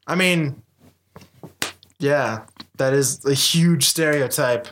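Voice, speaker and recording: Slow rambly podcast guy, bright voice, lots of um like restarts. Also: mid-range voice, slight background noise. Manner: rambling, many restarts and fillers. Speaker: podcast co-host. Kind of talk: casual comedic chat.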